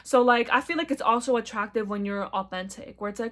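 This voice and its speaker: A young woman hosting a casual solo podcast, loud and blunt with a slight stutter, talking in a chatty, profane way. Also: a little high, a little fast. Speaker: podcast host.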